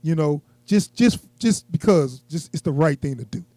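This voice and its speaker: A man co-hosting a podcast, talking with a slightly high voice. He chats casually and gets animated when he acts out other people. The sound is dry and close. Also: moderate pace, no room sound. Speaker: podcast co-host. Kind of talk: casual chat.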